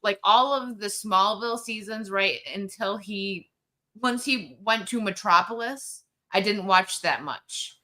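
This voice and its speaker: A woman's voice: medium pitch, unhurried, pushed and bright. A woman co-hosting a casual livestream chat, laughing often and talking animatedly. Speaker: co-host.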